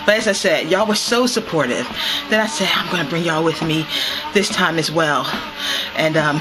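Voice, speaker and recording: A woman's voice: on the low side, a bit bright, rough recording. A woman vlogging casually to her viewers while walking on a treadmill at home, slightly winded, recorded on a handheld camera. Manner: chatty, addresses viewers as y'all, laughs often.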